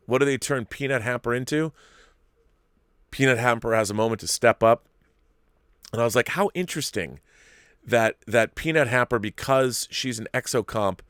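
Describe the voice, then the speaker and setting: A man's voice: fairly low pitch, fairly bright tone, dry recording, clean studio sound. A man hosting a commentary show, ranting emphatically and animatedly about a series he dislikes. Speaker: host. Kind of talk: opinionated commentary.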